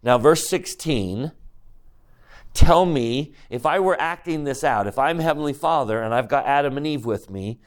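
A man's voice: mid-range voice, animated, normal speed. Man teaching a scripture class. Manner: questions the class directly. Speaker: religious teacher.

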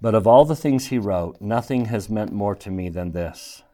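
A middle-aged man giving a speech, telling personal stories in an animated way and acting out the people he quotes. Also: fairly low pitch, normal speed. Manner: animated storyteller, acts out quotes, chuckles through stories. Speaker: speaker addressing an audience.

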